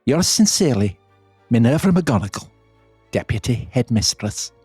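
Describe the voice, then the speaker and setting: A man's voice: medium pitch, sing-song, moderate pace, darkish tone, breathy edge, no echo, soft background music. A man voicing a stern, formal older Scottish schoolmistress in a Scottish accent, reading a letter in a clipped, formal way. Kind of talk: podcast impression.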